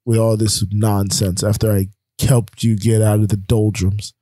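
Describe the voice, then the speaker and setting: A man's voice: fairly low pitch, flat delivery, measured pace, warm tone, no echo, studio quality. A man co-hosting a casual sports talk show, running through rankings and scores with lots of fillers. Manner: rambling, filler-heavy rundown of rankings. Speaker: sports podcast co-host.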